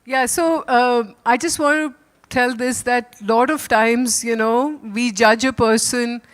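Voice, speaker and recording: A woman on a panel giving earnest, measured advice with frequent pauses. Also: a little high, steady tone. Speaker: panel guest, company leader. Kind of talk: panel talk.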